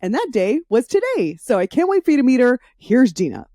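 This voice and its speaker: A woman's voice: a little high, very animated, fairly quick, mellow. A woman hosting a podcast, enthusiastic and chatty in casual conversation. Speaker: podcast host.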